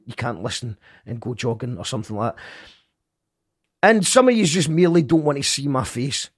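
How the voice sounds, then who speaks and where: A man's voice: medium pitch, husky, dry recording, clean studio sound. A man hosting a podcast, talking casually and earnestly to his listeners, with frequent restarts. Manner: stumbling, earnest, lively. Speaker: podcast host.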